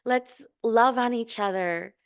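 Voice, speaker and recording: Slow and a bit high, her voice comes across clear and resonant. This middle-aged podcast host laughs frequently while telling a relaxed story, cheering listeners on with chatty warmth and many fillers and restarts.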